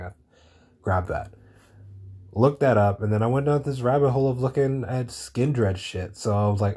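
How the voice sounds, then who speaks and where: A podcast host rambles through his own show in a casual, swear-filled monologue, often groping for words. His voice sits low and is mellow and husky, at a normal speed.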